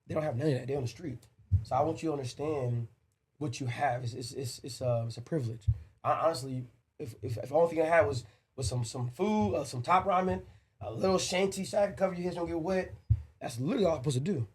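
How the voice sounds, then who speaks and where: Earnest male podcast host, fast and emphatic, slightly higher pitch, for casual talk. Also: darkish tone, breathy edge. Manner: earnest, emphatic, repeats himself. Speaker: father of two boys. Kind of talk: casual chat.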